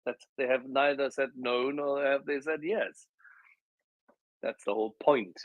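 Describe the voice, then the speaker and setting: A man on an online panel explaining his points in a deliberate, measured way. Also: mid-range voice, no echo, narrow, tinny audio. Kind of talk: casual panel discussion.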